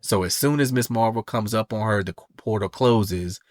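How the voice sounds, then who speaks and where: A podcast host with a fairly low male voice recaps a comic book storyline at a normal pace, chatting casually and dropping into the characters' lines as he quotes them. The audio is close and dry, with no echo.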